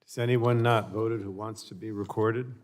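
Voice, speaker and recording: A man chairing a committee markup, moving through votes and procedural motions in a brisk, matter-of-fact way. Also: on the low side, steady tone. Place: large committee hearing room.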